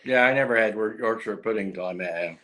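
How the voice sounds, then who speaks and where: A man's voice: on the low side, fast talker, fairly bright tone, poor audio. A middle-aged man cooking on a live vlog, answering with dry, brief remarks. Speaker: cook, co-host.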